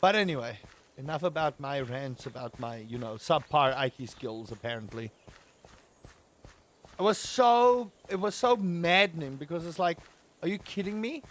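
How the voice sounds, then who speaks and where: Chatty South African man, slightly high. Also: lively intonation, normal speed, fairly bright tone. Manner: chatty, ranting, playful exaggeration. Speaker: live streamer. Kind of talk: casual live game-stream chat.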